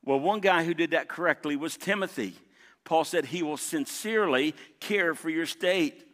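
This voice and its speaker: Moderate in pace and on the high side, with a fairly bright tone, the man preaches as pastor with emphasis. He circles back to key points and calls for the congregation's responses, and the large church sanctuary leaves a long reverb.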